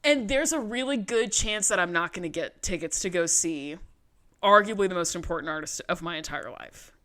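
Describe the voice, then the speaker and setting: A young woman co-hosts a podcast and chats casually. Her voice is bright and forceful. She talks in an animated, self-mocking way and swears freely. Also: lowish voice, moderate pace. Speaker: podcast co-host. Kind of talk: casual chat.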